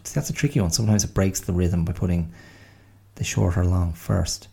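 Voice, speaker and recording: Gravelly, mellow, and low, this man's voice belongs to a podcast host in his fifties. On his own, he muses casually and haltingly, pausing often and leaning on lots of fillers.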